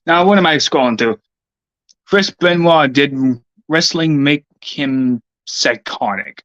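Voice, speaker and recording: A man's voice: a little high, slow pace, a bit bright, no room sound, highs cut off. A man livestreaming, rambling casually and muttering to himself in an irritable, profane way. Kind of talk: rambling casual stream talk.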